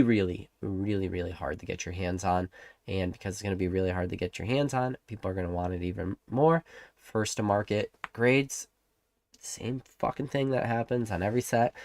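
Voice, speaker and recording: A man's voice: lowish voice, a little mellow, no echo. A man hosting a livestream, rambling in a casual rant, repeating rhetorical questions, swearing now and then, and reading out and greeting chat viewers. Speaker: livestream host.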